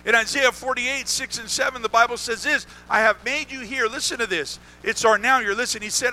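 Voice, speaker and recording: A male pastor preaching with a very high, piercing, bright voice. He keeps calling on the congregation to answer back and hammers his key phrases again and again. Between scripture points he slips into plain, chatty asides. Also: fairly quick, few pauses, a little hiss or hum. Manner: call-and-response preaching, repeats phrases for emphasis. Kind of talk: sermon.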